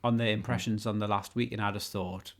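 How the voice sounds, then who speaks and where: A man's voice: fairly low pitch, fairly even intonation, brisk. A man co-hosting a comedy podcast, joking and swearing in casual banter. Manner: joking, sweary, laughs often. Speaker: podcast co-host.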